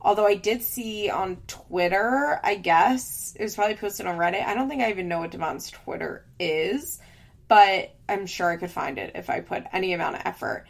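Woman host, casual recap chat, frank and opinionated, a bit of vocal fry. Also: mid-range voice, normal speed.

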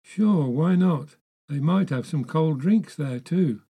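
A woman reading the lines of her adventurous husband in a lower, calm voice. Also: slow pace, breathy edge, heavily acted. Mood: easygoing.

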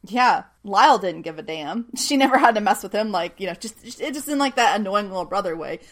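A woman's voice: mid-range voice, lively intonation, fairly quick. A woman co-hosting a casual podcast, recapping a TV episode with lots of laughter and the odd swear word. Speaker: podcast co-host.

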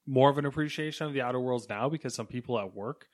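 A man's voice: medium pitch, fast talker, no room sound, clean studio sound. A man co-hosting a podcast in laid-back casual chat. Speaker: podcast co-host.

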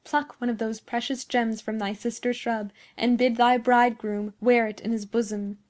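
A woman voicing a proud, scheming old male scientist in a storybook reading, declaiming loudly and grandly. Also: on the high side, flat delivery, moderate pace, close to an everyday voice.

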